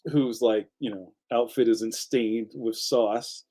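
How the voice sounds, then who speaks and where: A man hosting a casual livestream, chatting as he reads out viewer comments and laughing often. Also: slow. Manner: chatty, laughs often, animated pitch jumps. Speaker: livestream host.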